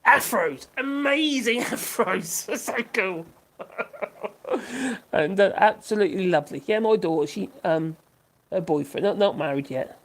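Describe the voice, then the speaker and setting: With a medium-pitched, animated voice and a measured pace, an older woman hosts a livestream. She chats casually and reads out what viewers comment, rambling, giggling often, and starting over mid-thought.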